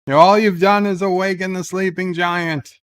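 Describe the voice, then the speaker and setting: A man's voice: high voice, steady tone, normal speed, smooth. A man streaming a strategy game, reacting aloud with grumbles, curses and cheers. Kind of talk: live game commentary.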